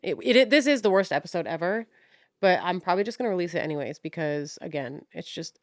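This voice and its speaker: A woman's voice: on the low side, lively intonation, fast, dry recording, studio quality. Frank, swearing young woman podcaster. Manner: frank, swears often, scattered and self-mocking. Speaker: podcast host. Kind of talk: casual rambling monologue.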